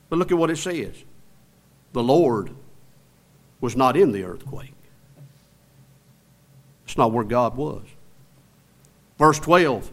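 A man preaching a sermon as pastor. He swings between loud emphatic passages and hushed, drawn-out low phrases, and keeps asking the congregation rhetorical questions. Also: expressive.

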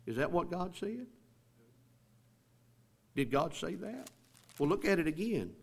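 A man preaching a sermon, asking the congregation rhetorical questions, reading scripture aloud and building up to loud, emphatic passages. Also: high voice, big pitch swings, measured pace, vocal fry, husky. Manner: reads scripture aloud in King James wording.

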